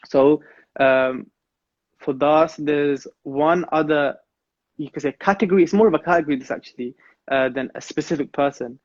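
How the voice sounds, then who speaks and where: A man's voice: mid-range voice, dry recording, muffled recording. A man giving an earnest devotional talk as a guest on a live stream, mixing in Punjabi phrases.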